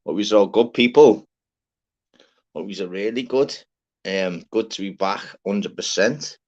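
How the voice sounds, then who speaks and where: A man hosting a live stream, giving rambling, swear-filled shout-outs to listeners in a casual chat. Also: lowish voice, measured pace. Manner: chatty, swears freely, rambling. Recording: dull lo-fi sound.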